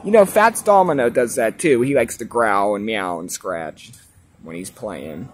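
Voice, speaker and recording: A man in a casual video, talking to his outdoor cats and explaining their quirks. He speaks slowly and loosely, and his pitch swings a lot as he teases them. Faint outdoor noise runs underneath. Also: animated. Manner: laid-back, chatty, talks fondly and teasingly to the cats. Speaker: cat owner filming his outdoor cats. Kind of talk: casual vlog narration. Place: outdoors at home.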